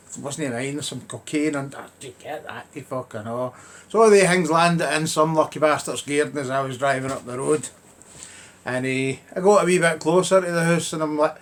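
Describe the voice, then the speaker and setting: A man delivers a rambling, sweary comic monologue into his own camera at home. His voice sits a little high, and he slips into the voices of neighbours and friends as he tells his stories. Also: moderate pace. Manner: storytelling, sweary, acts out voices in quotes. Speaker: comedian.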